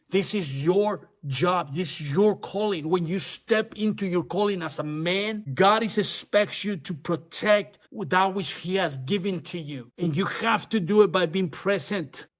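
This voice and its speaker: A man giving an urgent motivational faith talk to other men, with much repetition and frequent restarts. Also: high voice. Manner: restarts and stammers often. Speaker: men's ministry speaker.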